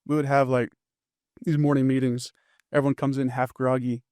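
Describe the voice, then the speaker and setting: A man's voice: medium pitch, little pitch movement, darkish tone, no echo, clean studio sound. A young man, a football team captain, telling stories in casual chat with lots of fillers. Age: young adult. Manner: fast storytelling with lots of fillers.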